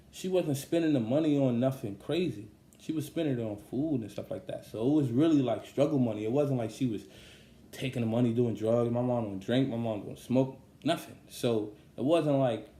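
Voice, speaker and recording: A young man, telling a personal story in a casual podcast monologue, full of fillers and growing animated when upset. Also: medium pitch, roomy sound. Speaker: podcast host and songwriter.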